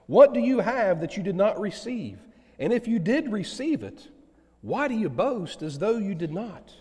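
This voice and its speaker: Male pastor, high lively voice, storytelling sermon, long church reverb. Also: breathy edge. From United States. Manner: animated storytelling preacher.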